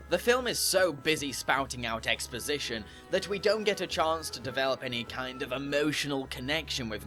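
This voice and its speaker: A man's voice: mid-range voice, sharp tone. A man narrating a scripted review, opinionated and critical. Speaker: anime reviewer.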